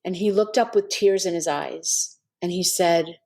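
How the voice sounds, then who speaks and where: A woman's voice: on the low side, unhurried, gravelly, a little mellow. A woman guest on a podcast, telling an earnest, heartfelt story with many "kind of" and "like" asides. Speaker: guest, animal intuitive.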